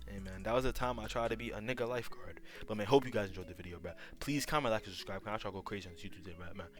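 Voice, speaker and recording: A man's voice: fairly low pitch, racing, soft background music. A man with an African accent telling a casual storytime, slangy and profane, rambling with tag questions. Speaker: YouTube storyteller.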